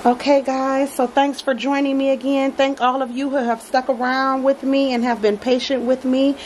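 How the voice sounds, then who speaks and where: A woman's voice: sits high, level tone, moderate pace, a little mellow, slight background noise, poor audio. Gushing woman unboxing a doll at home. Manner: gushing, affectionate, addresses viewers as y'all. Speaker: reborn doll collector vlogger. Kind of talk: casual unboxing chat. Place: dim home nursery.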